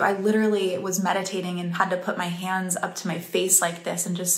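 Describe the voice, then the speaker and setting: A woman's voice: fairly low pitch, little pitch movement, a little fast, few pauses. A woman gives an earnest, heartfelt motivational talk. She speaks casually and laughs easily as she goes. The room around her has a roomy echo. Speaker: breathwork and meditation teacher.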